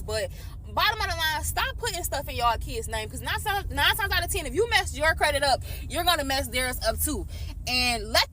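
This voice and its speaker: A woman's voice: high-pitched, sharp tone. A woman in her twenties venting about a personal grievance, swearing, frustrated and holding back tears. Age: 20s. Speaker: vlogger. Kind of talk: emotional vent.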